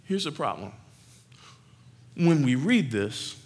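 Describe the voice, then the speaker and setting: A man preaching a sermon in an animated, conversational way, teasing his congregation. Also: a little high, slow, slightly rough.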